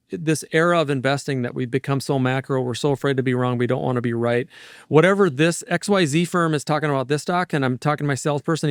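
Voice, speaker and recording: A man in his fifties, a market strategist guest in an interview, talking in an energetic, rambling, digressive way. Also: a little high, clean tone, no echo, studio quality. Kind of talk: casual interview talk.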